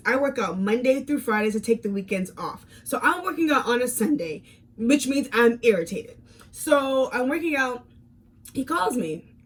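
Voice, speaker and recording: A woman in her twenties with a fairly high voice tells a story casually to her viewers. She talks in an animated way, stumbling over repeated words and fillers. She moves from calm retelling to heated outbursts. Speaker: fitness vlogger.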